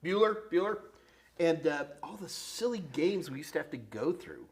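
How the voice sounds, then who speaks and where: Older man, playful live-stream host, lively up-and-down voice, slightly high. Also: moderate pace. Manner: joking, playful, slips into quoted voices. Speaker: host answering tech questions. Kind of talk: casual live-stream chat.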